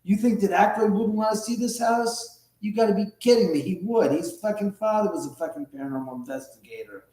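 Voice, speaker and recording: A man's voice: high-pitched, fairly quick, dark tone, reverberant, rough recording. Profane, needling male livestream host. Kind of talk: casual live-stream chat.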